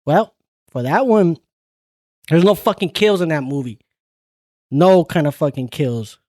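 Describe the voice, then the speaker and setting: A man's voice: on the high side, expressive, unhurried, a little mellow, dry recording. Laid-back, cursing man co-host. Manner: laid-back, profane, says "man" often. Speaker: podcast co-host. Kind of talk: casual chat.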